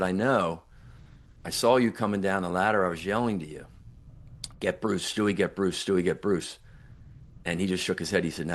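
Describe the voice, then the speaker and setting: A very deep, low male voice carries this older man's storytelling. He speaks earnestly and reflectively, leaning into the quoted lines he recalls. It sounds like a sincere podcast interview guest. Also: a bit bright. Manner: earnest, reflective, retells dialogue with emphatic quotes. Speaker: guest, near-death survivor and author.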